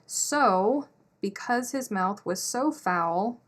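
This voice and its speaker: A woman's voice: medium pitch, animated, very slow. A woman, chatting casually on a crochet live stream and laughing often. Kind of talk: casual chat while crocheting.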